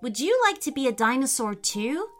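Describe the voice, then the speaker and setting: A woman voicing Chase, an excitable young boy who loves dinosaurs. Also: normal speed, faint music behind. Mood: excited. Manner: high, eager and excited.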